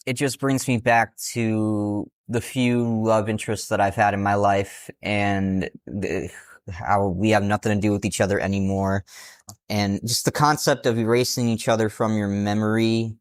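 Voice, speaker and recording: A man's voice: on the low side, steady tone, normal speed, clean tone, no room sound, studio quality. A young man co-hosting a podcast, talking about films in an earnest, reflective way. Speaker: podcast co-host. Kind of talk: casual chat.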